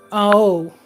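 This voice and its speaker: A woman hosting a casual livestream who reads viewer comments, laughing often and teasing them as honey. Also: medium pitch. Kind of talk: casual chat.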